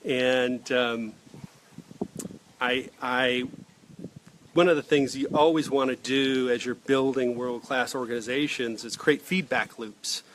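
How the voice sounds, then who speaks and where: A man's voice: medium pitch, steady tone, slow, a bit bright, slight background noise. A man in his forties, a leadership coach talking casually to camera in an earnest, rambling way with lots of fillers and restarts. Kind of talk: casual direct-to-camera vlog.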